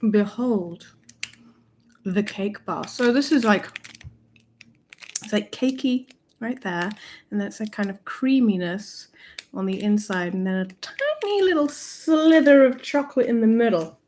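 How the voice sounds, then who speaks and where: A young woman, the host, chatting playfully and softly as she tastes sweets on a livestream at home. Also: fairly high pitch, expressive, a little slow, slight background noise. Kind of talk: live-stream food tasting chat.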